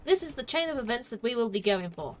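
A woman's voice: on the high side, very animated, quick pace, a little hiss or hum. A woman playing a video game live, joking to herself and crying out as she plays. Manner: playful, exclaiming, joking to herself. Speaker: game streamer. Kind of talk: live gameplay commentary.

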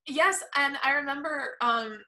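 A woman's voice: high-pitched, measured pace, bright, forceful tone, poor audio. A teenage woman from Florida hosting an interview chat, gushing and chatty with lots of fillers. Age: teens. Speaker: podcast host.

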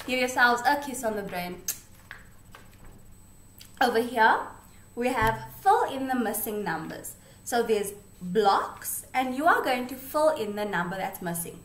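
A woman's voice: fairly high pitch, a bit bright. A woman teaching a grade one home lesson, patient and sing-song, asking young children simple questions and answering them herself. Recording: echoey room.

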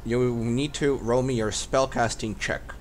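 A man acting as dungeon master, explaining rules with frequent pauses and restarts. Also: mid-range voice, steady tone, over a noisy crowd. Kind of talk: running a tabletop game.

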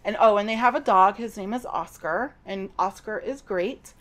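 A woman's voice: mid-range voice, moderate pace. Chatty middle-aged woman recapping a book. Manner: chatty and digressive, with personal asides. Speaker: podcast host recapping a novel.

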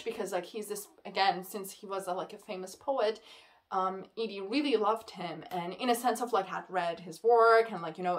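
A woman talks through her month's reading in a loose, chatty vlog review. She gets worked up and rants, with "like" scattered all through her talk. Her voice sits at an ordinary middle pitch. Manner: excitable, ranting, heavy use of "like". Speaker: book reviewer. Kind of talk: casual book wrap-up vlog.

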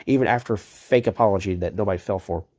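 A man's voice: on the low side, fast, darkish tone. A man ranting in a commentary video, exasperated and sarcastic and swearing freely as he picks apart a chat exchange.

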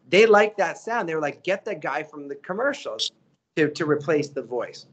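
A man, a voice actor telling stories as an interview guest, animated and slipping into character voices. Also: a little high, normal speed. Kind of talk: casual storytelling interview.

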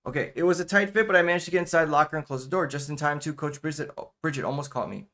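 A man reading a game's first-person narration as a nervous young man hiding, quick and raised. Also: on the high side, a bit bright, voice pushed up.

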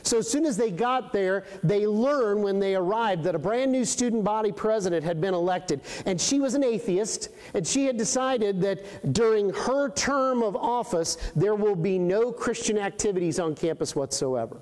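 A man preaching a sermon, telling a story and slowing down for emphasis, sometimes asking the congregation questions. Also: sits high, expressive, darkish tone. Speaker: pastor. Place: church sanctuary. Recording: long reverberant church hall.

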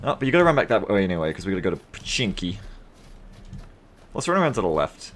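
An Australian man live-streaming a game, bantering with his viewers in a profane, sarcastic and animated way. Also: sits low, quick pace, a little hiss or hum.

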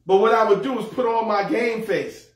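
High-voiced preacher in an echoey church. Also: male voice, normal speed. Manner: humorous, folksy, repeats words. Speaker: pastor. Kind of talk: preaching a sermon. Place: church sanctuary. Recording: echoey hall, mic far off.

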